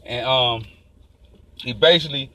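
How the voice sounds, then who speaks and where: A man telling a long story in a casual, animated and profane street style. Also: medium pitch, poor audio. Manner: profane, animated, fast-talking.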